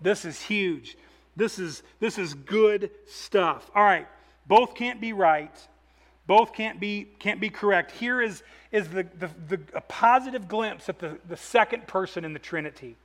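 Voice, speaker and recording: A man's voice: sits high, a bit bright. A male pastor preaching a sermon with energy and emphasis, repeating words and restarting phrases as he drives his points home.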